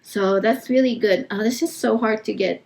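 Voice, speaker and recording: A woman in her thirties, a mother and plant vlogger, chatting casually at home while repotting, talking softly and rambling with many fillers. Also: mid-range voice, normal speed, creaky.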